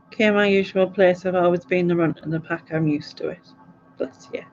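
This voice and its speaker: A young woman hosting a casual late-night livestream quiz and chat. She rambles, reads viewer comments aloud and laughs softly between them. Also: on the low side, steady tone, normal speed, faint music behind. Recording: dull, lo-fi stream audio.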